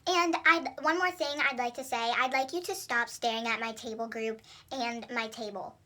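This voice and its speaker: A teenage girl quoting another schoolgirl in a softer, quieter, higher voice that is set apart from her own. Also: fairly even intonation, moderate pace. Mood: timid.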